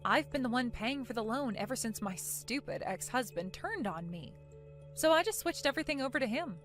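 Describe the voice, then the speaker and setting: A woman voicing a calm, sarcastic young woman who talks softly and coolly in an animated story. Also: on the high side, brisk. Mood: matter-of-fact. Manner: soft, cool, sarcastic. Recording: faint music underneath.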